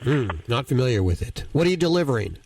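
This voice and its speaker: A man hosting a call-in radio show, briskly greeting callers and firing quick questions. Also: medium pitch, very animated, vocal fry, recorded from a distance, background noise. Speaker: host.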